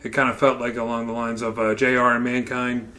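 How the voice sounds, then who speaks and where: A man's voice: mid-range voice, flat delivery, a little fast, bright, forceful tone. A man hosting a casual podcast chat, laughing often and filling with "uh". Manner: laughs often, many fillers. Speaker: podcast host.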